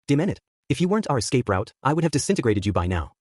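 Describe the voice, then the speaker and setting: A man putting on a sneering villain boss, low and mocking. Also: very animated, racing, a little mellow, no echo, studio quality. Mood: taunting. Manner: taunting, mocking. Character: sneering cruel young male villain leader.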